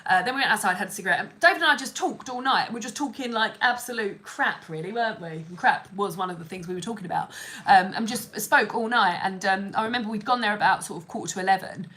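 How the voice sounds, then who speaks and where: A woman's voice: medium pitch, fast, bright, forceful tone. A young woman telling a story to a live audience in a rambling, chatty way, full of fillers and restarts. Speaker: livestream host.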